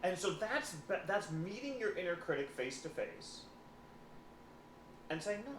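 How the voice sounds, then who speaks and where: A man, a psychotherapist, talking in a casual podcast chat, telling animated stories and often repeating words as he goes. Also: high voice, unhurried. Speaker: psychotherapist guest. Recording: echoey room with faint noise.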